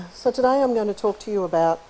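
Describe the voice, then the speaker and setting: A middle-aged woman giving a friendly, chatty conference lecture in a university hall. She often clears her throat between points. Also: mid-range voice, brisk, mellow. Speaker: conference keynote speaker, psychologist. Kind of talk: conversational lecture.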